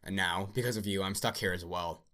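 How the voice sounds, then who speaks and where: A man's voice: low-pitched, fairly quick, a bit bright. A man voicing a vengeful undead android shaped like an old man, roaring and taunting in a broken voice. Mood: accusing. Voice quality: roaring, broken static-laced voice. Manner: taunting and menacing.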